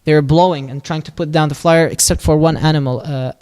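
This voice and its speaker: A man telling a prophet's story at a mosque in a lively, casual way, acting out the quoted lines and using Arabic phrases. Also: on the high side, a little fast, clean tone. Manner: casual, with fillers and restarts. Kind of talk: religious storytelling talk.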